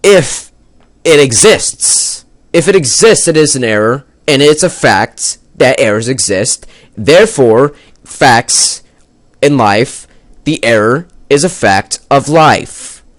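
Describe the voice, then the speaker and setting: Furious about a game, a young man who makes gaming videos rambles and curses through a rant to camera, pushing his argument. He speaks slowly but animatedly at medium pitch, with no room sound in the recording.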